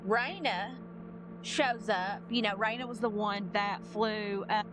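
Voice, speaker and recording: A woman's voice: mid-range voice, slow, over music. Chatty woman recapping a show. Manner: chatty plot recap full of "like" and "you know". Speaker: podcast co-host. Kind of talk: casual chat.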